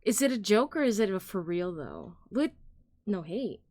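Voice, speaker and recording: A woman's voice: medium pitch, big pitch swings, moderate pace, darkish tone. A woman streamer chatting casually on a late-night stream, blunt and apologetic, often giggling.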